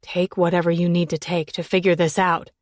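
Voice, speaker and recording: A woman voicing a grieving widowed male professor in an audiobook, speaking low, quiet and measured. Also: flat delivery, dry recording, studio quality, lightly acted. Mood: firm. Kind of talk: audiobook character reading.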